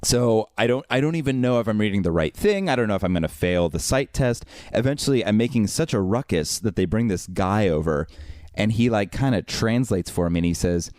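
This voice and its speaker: Animated low-voiced man telling a story. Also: fairly quick, dry recording, studio quality. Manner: animated, exasperated storytelling with lots of fillers. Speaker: podcast co-host. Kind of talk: casual storytelling chat.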